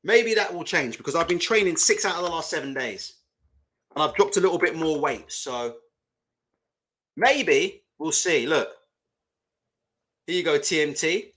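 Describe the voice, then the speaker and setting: A young boxing channel host rants bluntly on a casual live stream, swearing and laughing a lot. His voice is fairly high and bright, animated yet unhurried, with long pauses.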